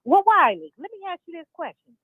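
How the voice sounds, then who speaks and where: A man's voice: very high voice, wildly swooping pitch, brisk, sharp tone, voice pushed up, exaggerated voice. A man voicing a nosy, sassy woman who asks the host teasing, prying questions in a comedic sketch.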